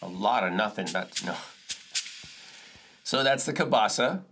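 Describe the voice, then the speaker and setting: Low-voiced man walking through a music lesson. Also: animated, measured pace. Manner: casual, self-correcting, explaining step by step. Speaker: percussion teacher. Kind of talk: relaxed music lesson walkthrough.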